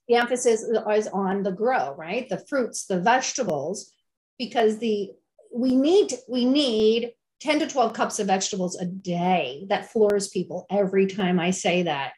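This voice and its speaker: A woman's voice: medium pitch, animated, measured pace, darkish tone. A middle-aged woman, a health and wellness chef, talking enthusiastically in an interview and often repeating herself for emphasis. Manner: enthusiastic, repetitive, preachy. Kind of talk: conversational interview.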